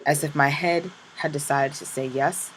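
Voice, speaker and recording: A man reading a first-person memoir aloud in a slow, somber, hushed way. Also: a little high, fairly even intonation, a little hiss or hum, poor audio. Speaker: audiobook reader.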